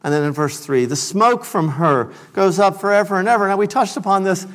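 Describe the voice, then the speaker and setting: A man's voice: sits high, fairly quick. A man preaching a sermon, explaining scripture and reading passages aloud with raised emphasis. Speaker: pastor.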